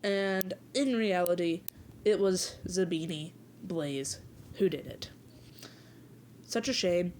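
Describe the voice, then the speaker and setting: A woman's voice: fairly low pitch, slow, long pauses, darkish tone, slight background noise. A young woman casually improvising a rambling story, chatty and giggly. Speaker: video creator.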